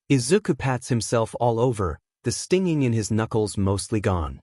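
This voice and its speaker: A man narrating a fan-written story in a steady, even storytelling manner. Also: medium pitch, moderate pace, few pauses, dry recording, studio quality. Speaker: fanfic narrator.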